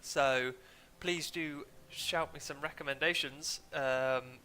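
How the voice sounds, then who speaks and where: Sniffly man with a bright, droning voice. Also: a little high, fairly even intonation, slow, a little hiss or hum. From England. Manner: rambling, chatty, self-deprecating. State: sniffly with hay fever. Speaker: streamer. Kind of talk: casual gaming stream commentary. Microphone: desk mic, muted now and then.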